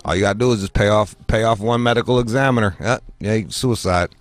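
Speaking quickly over soft background music with no echo, a male podcast host spins crude comedic tales laced with profanity. He stays animated, imitating others in high, squeaky voices.

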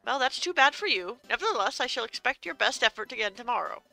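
A woman's voice: fairly high pitch, expressive, quick pace, creaky, bright, forceful tone, faint music behind, exaggerated voice. A woman voicing a fussy, pompous male bird steward from a game, bossy and formal, reading the game's dialogue aloud. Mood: haughty.

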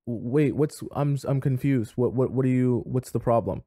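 A man's voice: medium pitch, normal speed, dark tone, no echo, studio quality, lightly acted. A man voicing a confused young man who stammers and repeats himself, not understanding why his partner is mad. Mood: bewildered. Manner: stammering, bewildered.

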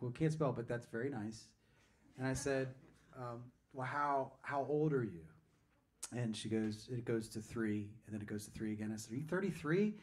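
Male singer-songwriter, chatty and digressive, live stage banter. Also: mid-range voice. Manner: chatty and digressive, self-interrupting, joking. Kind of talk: rambling storytelling between songs. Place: music venue stage.

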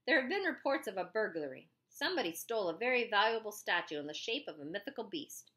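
Audiobook: woman voicing a gruff, suspicious male officer, loud and barking. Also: medium pitch, sing-song, quick pace. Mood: stern. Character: stern bossy male small-town police officer.

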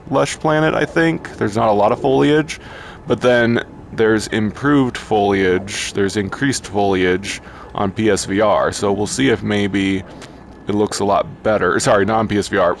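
A man commenting on a virtual reality game as he plays it, talking slowly and haltingly and gushing over the sights. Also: lowish voice, vocal fry, slight background noise. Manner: slow, halting, awestruck. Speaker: gaming YouTuber. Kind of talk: VR gameplay commentary.

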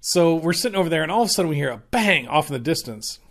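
A man's voice: a little high, animated, very fast, fairly bright tone. A man hosting a podcast, telling a story in a rambling, profane, laid-back way. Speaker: podcast host. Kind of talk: casual storytelling.

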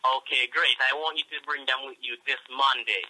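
A man's voice: medium pitch, fairly even intonation, moderate pace, sharp tone, a little hiss or hum. A man with a Jamaican accent on a phone call, swearing and making threats in a ranting manner. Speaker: phone scammer.

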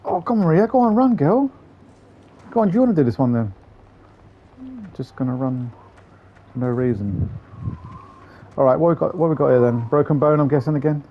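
A man's voice: on the high side, lively intonation, fairly quick, pauses often, highs cut off. A man hosting a gaming channel, giving chatty, profane, grumbling let's-play commentary. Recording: game engine noise behind voice.

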